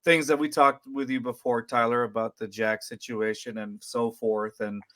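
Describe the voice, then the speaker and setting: A man hosting a casual sports fan podcast, excitable and rambling with lots of fillers. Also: mid-range voice, normal speed. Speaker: podcast host.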